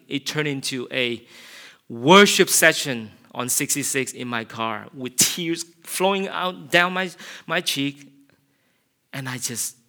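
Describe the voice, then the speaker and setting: A man preaching an earnest, confessional sermon. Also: mid-range voice. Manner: earnest, confessional, builds to loud passionate shouting. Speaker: pastor.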